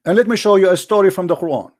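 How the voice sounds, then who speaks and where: A man's voice: high-pitched, very fast, darkish tone. A man hosting a heated call-in debate, arguing hard and repeating his questions over and over. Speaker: debate host.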